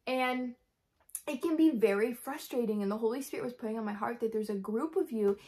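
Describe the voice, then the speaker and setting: This young Christian vlogger talks fairly quickly in a fairly high but dark-toned voice. Her devotional chat is earnest and meandering, full of filler words and prayers she quotes as if saying them, with an air of frustration mixed with hope.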